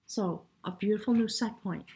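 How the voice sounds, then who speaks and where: A woman giving a spiritual tarot reading in a soft, reverent way, sometimes dropping to a hush and getting choked up. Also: mid-range voice, normal speed. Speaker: tarot reader.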